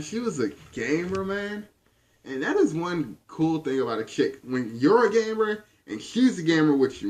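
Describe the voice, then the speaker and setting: Animated man telling a story. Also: on the high side. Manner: casual, animated, constant "man" fillers. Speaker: vlogger. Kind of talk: storytime vlog.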